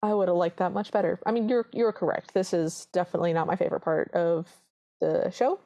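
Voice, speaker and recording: The recording is muffled, and her voice is gravelly, on the low side, and fairly quick. She's a podcast co-host casually chatting through a film recap, animatedly narrating scenes and performing the characters' dialogue.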